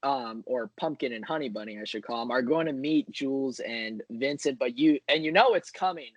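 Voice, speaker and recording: A man in a casual podcast chat, speaking at an everyday middle pitch with a dry, close sound. He talks with eager enthusiasm, rambling through thoughts with plenty of ums and restarts. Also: moderate pace, no echo, muffled recording. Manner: enthusiastic, rambling with many fillers. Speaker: guest.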